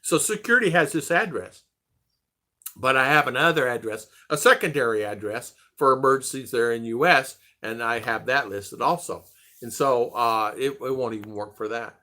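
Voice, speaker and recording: A man's voice: medium pitch, normal speed, sharp tone. An older man, host of a casual chat stream, rambling through a story and acting out the quoted dialogue with animation.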